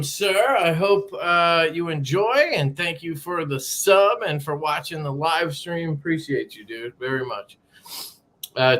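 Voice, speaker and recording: A man's voice: fairly high pitch, pushed and bright. A man hosting a casual live stream from a sparse room at home, greeting chatters by name in a loose, swearing way. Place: home room being moved into.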